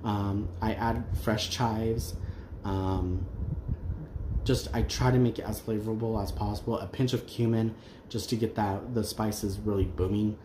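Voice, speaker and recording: A man's voice: on the low side, steady tone, a little slow. Rambling man in an echoey room. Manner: rambling and candid, with many ums and restarts. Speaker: craft channel host. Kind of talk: casual chat while crafting. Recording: roomy echo, faint background noise.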